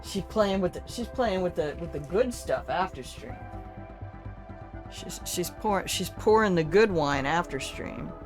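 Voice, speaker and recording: A woman's voice: lowish voice, lively intonation, unhurried, music in the background. An older woman chatting casually as she streams a video game. She talks back to the game and swears offhandedly. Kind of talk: casual live-stream gameplay commentary.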